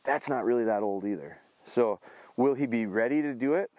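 A middle-aged man training a hunting dog outdoors, explaining his approach in a relaxed way between short commands. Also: normal speed, no echo. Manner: high excited praise to the dog. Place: outdoors in a field.

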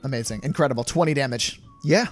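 A man's voice: mid-range voice, fast talker. A young man giving playful gameplay commentary, laughing often as he reacts. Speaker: gaming YouTuber. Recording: game music playing faintly behind.

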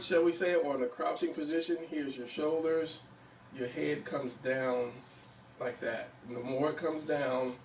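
A man giving a relaxed drawing tutorial, thinking aloud as he sketches and often pausing with fillers. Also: mid-range voice. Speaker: drawing instructor. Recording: echoey room, mic at a distance, faint background noise.

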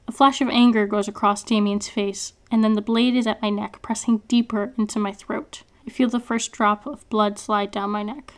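A woman author reading her own novel aloud in an expressive first-person narration. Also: mid-range voice, moderate pace, hardly any pauses.

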